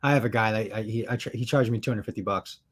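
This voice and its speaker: A man speaking as a guest on a live stream, talking in a relaxed, rambling way that often repeats words. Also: fairly low pitch, fast talker. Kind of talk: casual chat.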